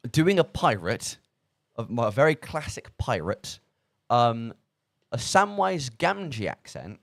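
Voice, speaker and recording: A man hosting a charity radio stream, chatting casually with a lively, bouncing voice. He rambles and pokes fun at himself, heard close and dry on a studio microphone. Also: fairly low pitch, dry recording. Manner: rambling, self-mocking, lots of fillers. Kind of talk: casual live radio chat.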